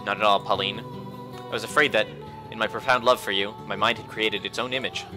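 A man's voice: on the low side, steady tone, a little fast, natural voice, poor audio. A man voicing a young sailor in a visual novel who speaks in an earnest and flowery way. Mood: tender. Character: young sailor man, sweet-talking and gentle. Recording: faint music behind.

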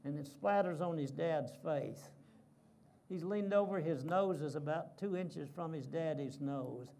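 A man with a high-pitched speaking voice delivers a sermon in a church. He tells a long story with dramatic pacing and circles back to the same vivid phrases again and again. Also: unhurried, creaky, dark tone. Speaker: guest preacher.

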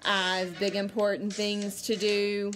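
A woman's voice: medium pitch, flat delivery, slow pace, a bit bright. A woman doing a big bossy dump truck. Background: background music from a read-along app.

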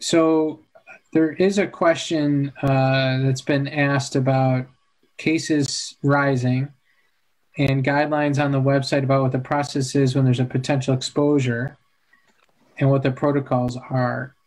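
A man's voice: mid-range voice, little pitch movement, measured pace, darkish tone. A man, a school administrator and a dad, hosting a virtual town hall and answering parents' questions in a sympathetic, thinking-aloud way over a video call.

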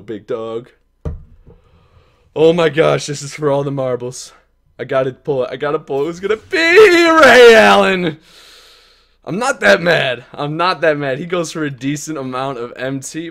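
Medium in pitch and speaking at normal speed, a young man hypes up a live stream of card pack openings for a game. He chats to the player cards, his voice falling to mutters before jumping to yells.

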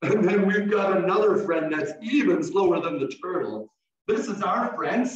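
A man's voice: high voice, lively intonation, moderate pace. A man presenting an online class on nature education, talking in a playful, theatrical way and imitating animal calls. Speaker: early childhood educator presenting. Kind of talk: animated demonstration for teachers. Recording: far from the mic, echoey and dull.

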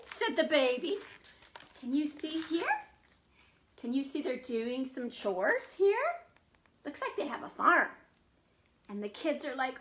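A woman librarian reading a picture book aloud to young children, animated and expressive, with gasps and sound effects. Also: high voice, slow, long pauses, a little hiss or hum. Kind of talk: children's storytime read-aloud. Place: at home.

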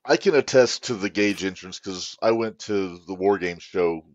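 A man's voice: low voice, normal speed, no room sound. A man hosting a podcast, chatting casually and recounting an event in an easygoing way. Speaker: podcast host. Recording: dull, dry lo-fi mic.

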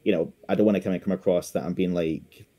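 A man's voice: low voice, fairly even intonation, fast, dark tone, slightly rough. A man chatting on a podcast, rambling and hesitant with frequent laughs. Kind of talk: casual podcast chat.

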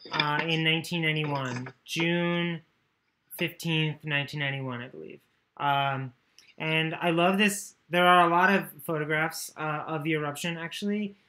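A woman's voice: sits low, background noise. A woman giving a loose, joking lecture, often correcting herself and swearing casually. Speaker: course lecturer.

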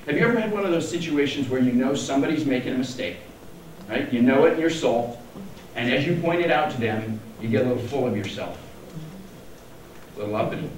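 A man's voice: medium pitch, lively intonation, fast. Man in his forties, conference storyteller, wry self-mocking jokes, roomy echo, far from the mic. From Denver, Colorado, USA. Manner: wry, self-deprecating, jokey. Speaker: conference speaker. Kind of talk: humorous keynote storytelling. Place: large conference hall. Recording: echoey hall, distant mic, faint noise.

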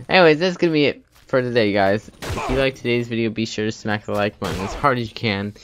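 A man giving let's play commentary, muttering and humming to himself as he plays, with sudden loud excited outbursts. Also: on the low side, fairly quick, a little hiss or hum. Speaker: gaming video host.

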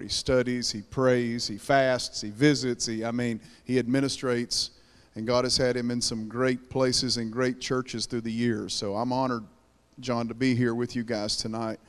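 A middle-aged man with an Appalachian accent, opening a sermon as guest preacher and calling the crowd to praise. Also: mid-range voice. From mountains of Virginia. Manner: exuberant, calls for praise.

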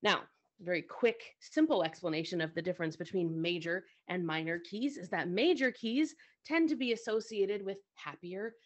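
A woman's voice: on the low side, lively intonation, moderate pace. A woman co-host teaching music at the piano, talking conversationally and often checking in with her listeners.

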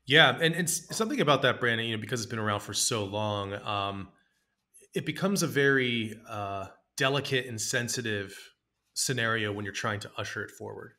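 A man's voice: fairly low pitch, normal speed, pushed and bright. A man hosting a podcast, asking questions in a playful, joking way and laughing a lot. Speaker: podcast host. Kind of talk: conversational podcast interview.

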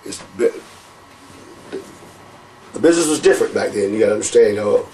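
An older man spins profane stories, calling everyone brother. His voice is low and gravelly, and he sits a little back from the mic over faint room noise. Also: brisk, distant mic, low-quality recording. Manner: profane, animated, calls people brother, laughs often. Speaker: interview guest, former wrestler. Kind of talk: casual storytelling interview.

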